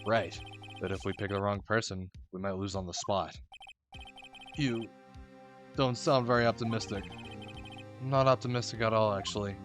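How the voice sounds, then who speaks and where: A man's voice: medium pitch, steady tone, normal speed, long pauses, fairly bright tone, soft background music, pitched below the performer's own voice, close to an everyday voice. A man doing a gloomy young defense lawyer. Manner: gloomy, wry, sighing.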